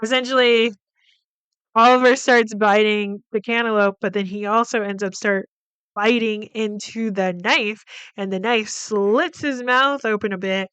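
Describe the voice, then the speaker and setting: A woman's voice: mid-range voice, measured pace, clear, resonant tone, dry recording. A woman hosting a podcast, casually retelling a film's plot with lots of swearing, fillers and quoted lines. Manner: profane, animated retelling with many fillers. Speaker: podcast host. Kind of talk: casual film recap.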